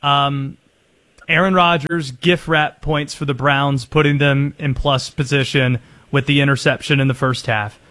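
A man hosting a call-in sports talk show, quick and playful, laughing easily and poking fun at himself. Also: medium pitch, steady tone, fairly bright tone. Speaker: sports radio host.

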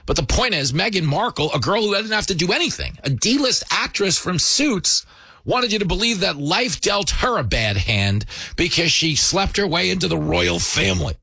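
A man's voice: high-pitched, sing-song, moderate pace, creaky, sharp tone, breathy edge, no echo. A man hosting a show, delivering a sarcastic, mocking comedy monologue.

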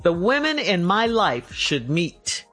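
A man's voice: sits high, sing-song, slow pace, pushed and bright, husky, faint music behind. Chuckling male radio host. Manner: chuckling, upbeat. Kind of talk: radio show banter.

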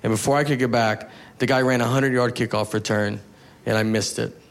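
A man's voice: medium pitch, fairly even intonation, a little fast, gravelly, slight background noise. A man performing a stand-up comedy set, telling self-mocking stories in a laid-back way. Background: audience laughter.

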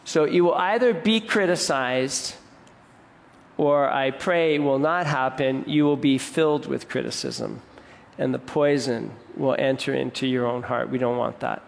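A man's voice: mid-range voice, measured pace, creaky. A man preaching a sermon in an earnest, direct way, repeating phrases for emphasis. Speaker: pastor. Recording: long hall reverb.

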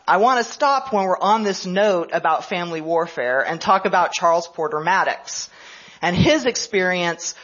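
A woman's voice: lowish voice, a bit bright. Woman lecturing on history, lo-fi radio. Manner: storytelling, explanatory, checks in with "right?". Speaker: history professor. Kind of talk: conference lecture. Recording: slightly dull lo-fi radio broadcast.

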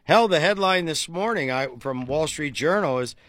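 Middle-aged man, wry, dry jokes, casual chat, higher pitch, dead-dry mic. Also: lively intonation, moderate pace, few pauses, fairly bright tone, no echo.

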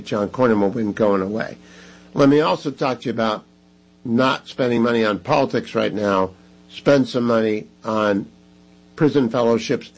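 A man hosting a talk radio show, making brisk, emphatic appeals to listeners with chatty asides. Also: mid-range voice, low-quality recording. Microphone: studio microphone.

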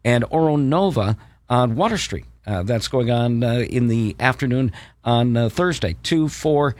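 A man's voice: medium pitch, animated, measured pace, no room sound. Casual male radio host, lots of fillers. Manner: loose, with many "uh" fillers. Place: radio studio.

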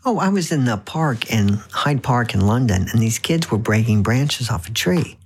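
Wry husky man telling anecdotes. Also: mid-range voice, lively intonation, moderate pace. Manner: wry, anecdotal, with frequent restarts. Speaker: author guest. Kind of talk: radio interview.

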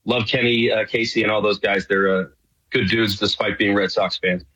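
A man's voice: lowish voice, level tone, normal speed, sharp tone, husky, lo-fi sound. A middle-aged man from New York, a guest in a casual radio interview, chatting and rambling with many fillers. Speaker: guest, show host.

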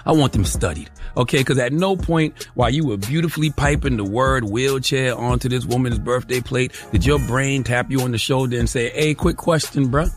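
A man's voice: mid-range voice, a little fast, hardly any pauses, faint music behind. A male radio host delivering a mocking comedic rant, tossing in "okay?" after every point. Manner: animated, mocking, repeats "okay?" often.

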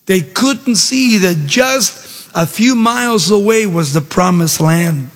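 A man preaching a sermon, with animated, sing-song emphasis and dramatic storytelling, in a church hall. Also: high voice, slow pace. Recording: long reverb of a large hall.

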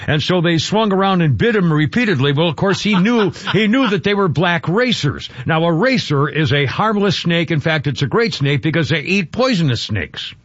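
A man's voice: on the high side, animated, moderate pace, few pauses, no room sound, highs cut off. Rambling, stammering talk radio host, man. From Georgia. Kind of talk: casual talk radio commentary.

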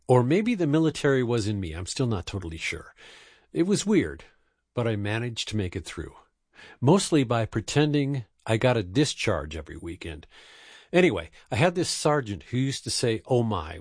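A man's voice: on the low side, darkish tone, dry recording, clean studio sound. A man hosting a radio record show, telling a wry personal story in a conversational way. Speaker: radio host. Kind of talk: storytelling monologue.

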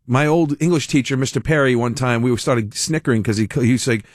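A man's voice: mid-range voice, brisk, no room sound, clean studio sound. A man hosting a radio talk show, chatting casually and telling rambling, self-interrupting stories with amusement. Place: radio studio. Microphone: studio microphone.

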